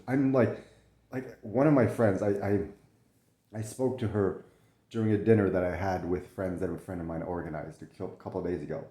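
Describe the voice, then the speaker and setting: A man's voice: fairly low pitch, a little fast, mellow, reverberant. A young man talking candidly from bed in a casual vlog, swearing often, restarting his sentences, coughing and short of breath. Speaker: vlogger sharing his illness. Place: in bed at home.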